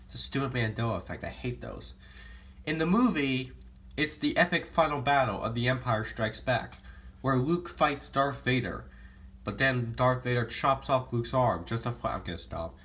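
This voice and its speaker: Rambling, excitable young man talking movies. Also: medium pitch, normal speed. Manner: enthusiastic, rambling, self-corrects often. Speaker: movie vlogger. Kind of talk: casual movie talk to camera.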